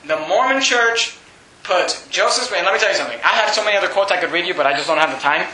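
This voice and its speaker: A man preaching a sermon in an animated, mocking way, often laughing as he talks. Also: sits high, quick pace, echoey room, rough recording.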